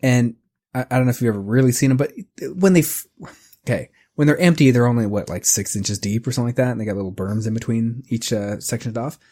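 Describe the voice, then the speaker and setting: A man in his thirties, co-hosting a casual podcast and telling animated stories about his kids while laughing often. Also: medium pitch, quick pace. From California. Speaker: podcast co-host.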